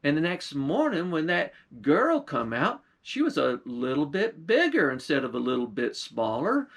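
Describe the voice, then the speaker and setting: A man telling a folktale in an unhurried, homespun way. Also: a little high, wildly swooping pitch, gravelly, a bit bright. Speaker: storyteller. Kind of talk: folktale storytelling.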